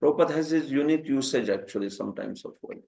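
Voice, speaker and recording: A man's voice: medium pitch, lively intonation, quick pace, gravelly, dark tone. A man with an Indian accent, a Hindi speaker, teaching a scripture class, often asking his students "huh?" and laughing at his own jokes. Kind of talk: classroom lecture with questions.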